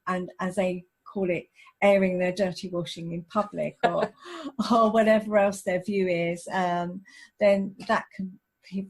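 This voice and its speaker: A woman's voice: lowish voice, breathy edge. A woman, a relationship counsellor, hosting a podcast interview and talking in an empathetic, thinking-aloud way.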